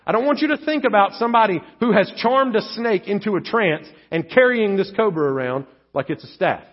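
A man's voice: high voice, expressive, a little fast. A man preaching a sermon as pastor, conversational, with frequent "all right?" and "right?" asides. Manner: conversational, rhetorical tag questions. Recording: dull lo-fi church audio.

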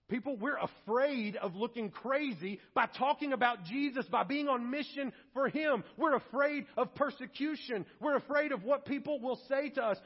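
A man preaching a sermon as pastor, emphatic, putting on comic voices for quoted people. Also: extremely high pitch. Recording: dull, reverberant church recording.

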